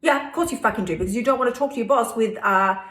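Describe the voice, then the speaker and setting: A woman's voice: on the high side, rapid-fire, fairly bright tone. A woman hosting a weight-loss coaching podcast, blunt, profane and fired-up. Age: 50s. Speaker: host. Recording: roomy echo.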